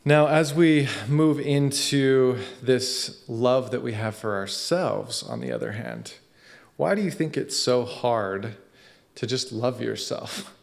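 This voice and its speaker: A man delivers an inspirational talk in a relaxed, conversational way. He is animated and laughs easily as he speaks, his voice sitting in an ordinary middle pitch. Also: slow pace, vocal fry. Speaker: speaker at a spiritual center.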